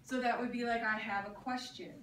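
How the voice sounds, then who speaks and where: Woman teacher drilling a class, fairly high voice, recorded from the back of an echoey classroom. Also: fairly even intonation, a little fast, fairly bright tone, recorded from a distance, a little hiss or hum. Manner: says phrases in Spanish for the class to repeat, then translates. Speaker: Spanish teacher.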